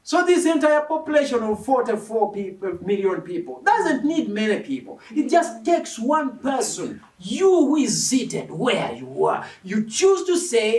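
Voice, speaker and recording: A man's voice: extremely high pitch, unhurried, hardly any pauses. A man preaching a sermon who quizzes the congregation and drives his points home with emphasis. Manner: animated, emphatic, asks the congregation questions. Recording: echoey hall, mic from a distance.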